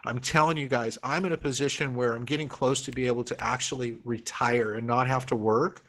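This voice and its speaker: A middle-aged man leads an online real estate class, speaking at an ordinary pitch for a man. He coaxes and encourages, repeating himself as he walks students through each figure. He is recorded on a computer mic during a video call. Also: steady tone, brisk, fairly bright tone. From Oregon. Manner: coaxing, encouraging, repeats phrases.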